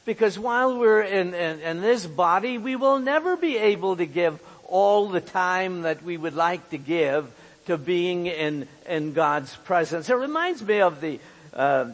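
Slow, high-voiced preacher in a hall. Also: male voice. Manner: earnest, repeats words while finding them. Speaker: pastor. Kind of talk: sermon.

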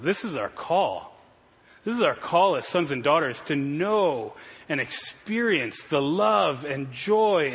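Male pastor in his thirties, slightly husky and a bit high-voiced, preaching with earnest storytelling in a long-echo hall. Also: a bit bright. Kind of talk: sermon. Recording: reverberant hall.

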